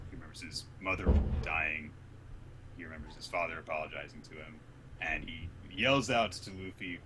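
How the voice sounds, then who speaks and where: A man casually recapping a manga chapter, retelling scenes and acting out the characters' lines in an animated way. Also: sits low, slight background noise. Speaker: podcast co-host.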